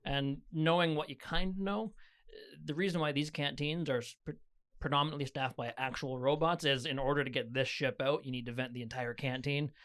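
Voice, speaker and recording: A man narrating as game master, describing scenes in a relaxed, lightly joking way. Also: mid-range voice, fairly quick.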